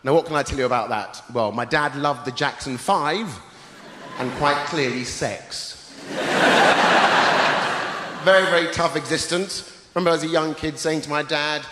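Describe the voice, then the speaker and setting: A man hosting a live stand-up show, with a punchy, theatrical delivery and shouted greetings to the crowd. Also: a little high, moderate pace, long pauses. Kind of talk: stand-up comedy set. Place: large theatre stage before a live audience. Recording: roomy theatre reverb, loud audience noise.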